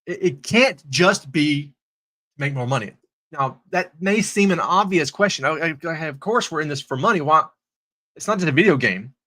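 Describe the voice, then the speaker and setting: A man teaching trading in a faith-based live lesson, an animated storyteller who repeats words as he starts sentences. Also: moderate pace. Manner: animated storyteller, acts out characters with high voices. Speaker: trading instructor. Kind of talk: live-streamed teaching with stories.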